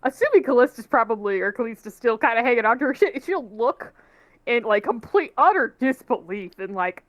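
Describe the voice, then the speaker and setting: Woman player, high and very animated voice, dry close sound. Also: brisk, no room sound. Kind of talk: tabletop role-play.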